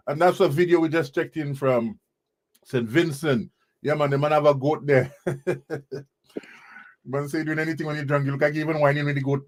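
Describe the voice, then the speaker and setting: Guy hosting a live show in the studio, hypes everyone up, laughs a lot. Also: on the high side. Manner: energetic, hypes artists, laughs often. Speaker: show host.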